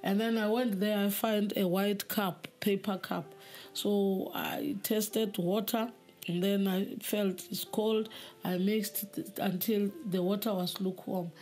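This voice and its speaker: Earnest woman testifying, slow. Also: mid-range voice, fairly even intonation, darkish tone. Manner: earnest, halting with repeated words. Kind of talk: spoken testimony. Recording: faint music behind.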